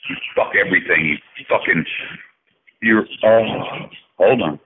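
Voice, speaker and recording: A man's voice: on the low side, unhurried. A middle-aged man leaving a profane, mocking, erratic rant with sarcastic swings, as on a phone message. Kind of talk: angry rambling phone message. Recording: tinny phone line with faint hiss.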